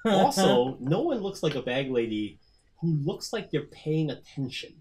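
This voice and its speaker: A man's voice: a little high, very animated, unhurried, darkish tone. A man narrating a tabletop horror session as its game master. He describes scenes loosely, piling on fillers and asides. A faint noise floor sits under his voice. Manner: casual, rambling description with many fillers.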